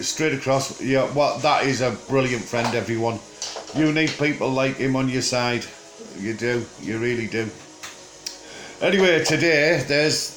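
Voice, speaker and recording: An older man with a broad Teesside accent, rambling jokily in casual chat to camera and pausing often on fillers. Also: medium pitch, fairly bright tone, roomy sound, low-quality recording. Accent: Teesside English. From England. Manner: rambling, jokey and chatty, with frequent filler pauses. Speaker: vlogger.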